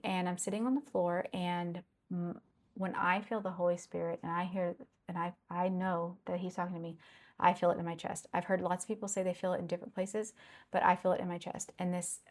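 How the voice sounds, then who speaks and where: A woman's voice: lowish voice, a little mellow. Middle-aged woman, earnest personal testimony, repeats herself, checks in often. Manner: earnest storytelling, repeats phrases, asks "okay?" often. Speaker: consultant sharing a personal story.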